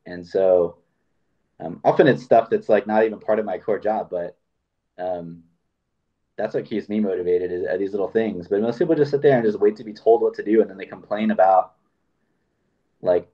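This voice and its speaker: A man with a fairly low voice talks in a loose, rambling way, often slipping into quoted dialogue. The recording sounds dull and lo-fi. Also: moderate pace. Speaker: podcast host. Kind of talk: casual conversation.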